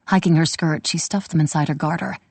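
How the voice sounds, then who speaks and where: A woman reading a historical novel aloud as an audiobook narrator, steady and measured. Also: sits low, slightly rough, dry recording.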